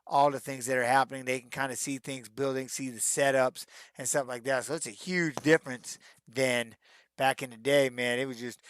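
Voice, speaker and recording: A middle-aged man, a retired fighter, answering fan questions in a casual live-stream chat, telling stories and acting out shouted quotes. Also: medium pitch, normal speed, clean tone, no echo, clean studio sound. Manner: animated storyteller who acts out shouted quotes, peppered with "man".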